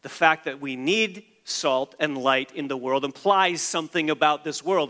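A man's voice: fairly high pitch, moderate pace, hardly any pauses, pushed and bright, long reverb tail. A man preaching a sermon as a pastor, emphatic and repeating key phrases for stress.

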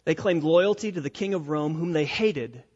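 A man's voice: on the high side, moderate pace, darkish tone, breathy edge, muffled recording. A male pastor preaching an expository sermon, emphatic and repetitive, often asking rhetorical questions.

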